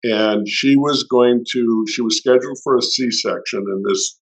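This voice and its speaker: A man's voice: mid-range voice, unhurried, poor audio. Middle-aged man telling a family story. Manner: anecdotal, with restarts and acted-out quotes. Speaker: podcast co-host. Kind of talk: personal storytelling in conversation.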